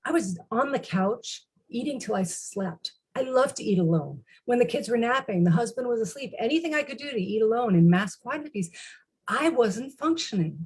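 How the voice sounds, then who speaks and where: A woman's voice: on the high side, animated, moderate pace, a little mellow, breathy edge, rough recording. A middle-aged woman speaking as a recovery speaker, telling personal stories in an earnest, candid way. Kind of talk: personal storytelling talk.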